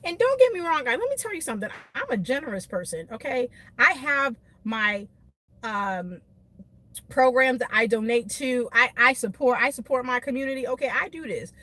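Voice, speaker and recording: Woman vlogger, fairly high voice, emphatic live-stream rant from her car. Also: moderate pace. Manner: animated, emphatic, laughs often, talks to chat by name. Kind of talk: casual venting rant to live viewers.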